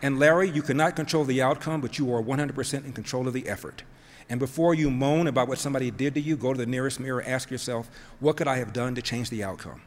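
A man's voice: mid-range voice, fast talker. A man giving an emphatic storytelling speech, acting out the voices he quotes. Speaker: speaker telling a family story. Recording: long hall reverb.

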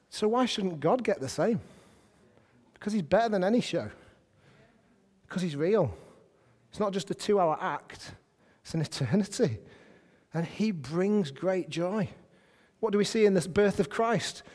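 A man preaching a sermon to a congregation in a lively, conversational way, often putting questions to them. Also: sits high. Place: church hall. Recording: hall reverb.

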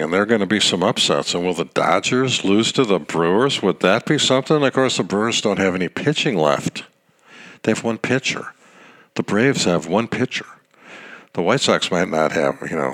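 Deep-voiced middle-aged guy hosting his own podcast, chatty and joking, wanders off topic a lot. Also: fairly bright tone. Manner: rambling, chatty, wisecracking. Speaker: podcast host. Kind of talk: casual solo baseball commentary.

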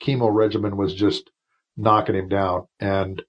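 A retired officer in his fifties tells long stories as a podcast guest, wandering through asides and restarts and turning emotional. His voice sits low. It has a husky, slightly rough grain. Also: flat delivery, a little slow, dull audio. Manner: rambling, emotional anecdotes with many restarts. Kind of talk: storytelling in a casual interview.

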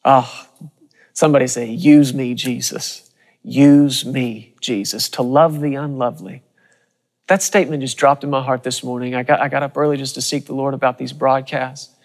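A man preaching a broadcast sermon with passion, repeating phrases and slowing down to stress key lines. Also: mid-range voice, steady tone, long reverb tail. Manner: impassioned, repeats phrases, slows for emphasis.

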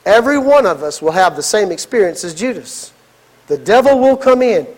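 A male pastor preaches dramatically, breaking into sudden emphatic outbursts. His voice sits unusually high for a man. The sermon rings through a large church hall with a long echo. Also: big pitch swings, normal speed.

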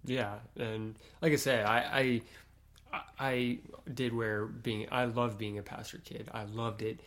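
A man's voice: mid-range voice, little pitch movement, slow pace, a bit bright. A man from Kentucky in casual conversation, easygoing and full of filler phrases. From Kentucky, USA.

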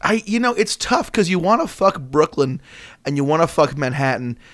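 A man with a slightly higher-than-usual voice riffs on a comedy podcast, crude and playful, spinning out long silly comparisons. He laughs easily and keeps the bits going. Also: very animated, normal speed, a bit bright. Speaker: podcast co-host. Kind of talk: casual comedy podcast chat.

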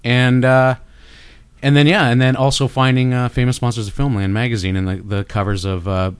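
A man's voice: medium pitch, steady tone, fairly quick, clear, resonant tone, no room sound. A middle-aged Canadian man with a Canadian accent, chatting as an interview guest, rambling and enthusiastic with many fillers and restarts. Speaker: guest artist. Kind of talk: casual interview chat.

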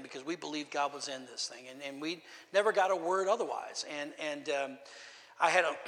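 A man's voice: a little high, a bit bright, long reverb tail. A man pastor preaching a testimony sermon in a storytelling way, emotional and repeating his words.

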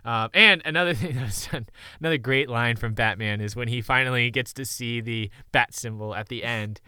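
A man in casual conversation about a movie, animated and quick to laugh. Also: mid-range voice, clean tone, dry recording, studio quality.

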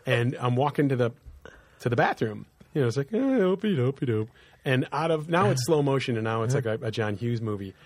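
A husky-voiced middle-aged man spins long, rambling stories in a relaxed chat, his pitch swinging up and down as he goes. He laughs his way through the telling. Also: a little fast. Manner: rambling, animated, laughs often while telling. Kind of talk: casual chat, storytelling.

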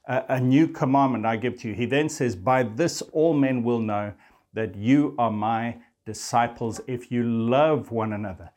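A man delivers a sermon in an earnest, teaching manner. He reads scripture passages aloud and explains them to his listeners, and his voice sits at a middle pitch. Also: a little mellow. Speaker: preacher.

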